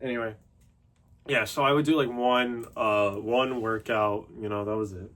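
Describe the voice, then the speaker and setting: A man's voice: on the low side, fairly even intonation, moderate pace, a bit bright. A young man talking casually to the camera as a fitness vlogger, loose and self-mocking, full of fillers and restarts. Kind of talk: casual rambling monologue.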